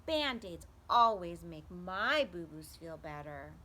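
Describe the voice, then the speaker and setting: A woman's voice: on the low side, very animated, takes it slowly, pushed and bright, pitched below the performer's own voice, exaggerated voice. A woman voicing a clever, helpful male fox in a storybook reading, sounding confident.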